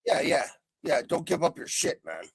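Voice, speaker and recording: A man's voice: on the high side, wildly swooping pitch, moderate pace, gravelly, breathy edge, dry recording. A man from the United States, bantering bluntly and swearing a lot in a casual chat.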